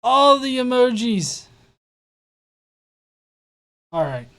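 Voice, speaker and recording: A woman's voice: on the high side, sing-song, drawn-out words, fairly bright tone. A woman hosting a live reaction show, commenting in a sarcastic, incredulous way with swearing. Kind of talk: mocking live-stream commentary.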